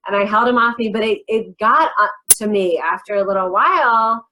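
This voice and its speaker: A woman's voice: mid-range voice, pushed and bright, poor audio. A woman in her thirties hosting an interview, reflective and sharing personal stories. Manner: reflective, shares personal stories, quick asides. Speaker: interview host. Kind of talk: conversational interview.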